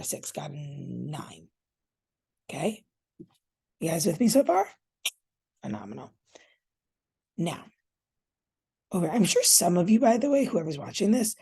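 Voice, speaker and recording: Calling her audience "you guys," a woman teacher chats casually while scoring a reading fluency test on screen, thinking aloud as she goes. Her voice is on the low side, gravelly and dark, with a breathy edge.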